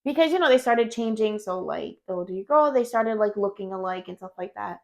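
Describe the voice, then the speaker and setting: A woman's voice: mid-range voice, lively intonation, a little fast, vocal fry, darkish tone. A woman co-hosting a podcast, telling a story in casual chat, blunt and profane, and laughing often. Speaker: podcast co-host.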